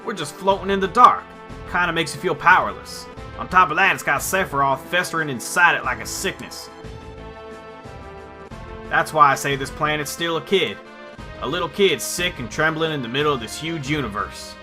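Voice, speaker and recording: A man doing a gruff, swearing airship pilot. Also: on the high side, moderate pace, sharp tone, faint music behind, voice pushed up. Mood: rousing. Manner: brash, curses often.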